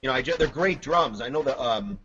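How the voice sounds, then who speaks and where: A man guest on a drum talk stream, telling stories with lots of laughter and halting restarts. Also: mid-range voice, lo-fi sound, a loud crowd. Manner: animated storyteller, laughs often, halting restarts. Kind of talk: casual chat.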